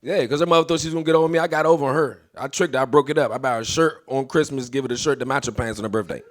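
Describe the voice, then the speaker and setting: A man's voice: medium pitch, racing. A man in his thirties doing a stand-up comedy set, brash and swearing, acting out the people in his stories.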